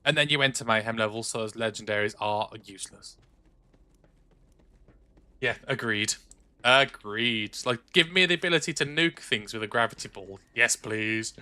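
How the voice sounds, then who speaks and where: Chatty young English gaming streamer. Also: male voice, medium pitch, moderate pace, sharp tone. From England, Black Country. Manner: rambling, chatty, frequent restarts and filler. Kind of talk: casual chat while streaming a game. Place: home room.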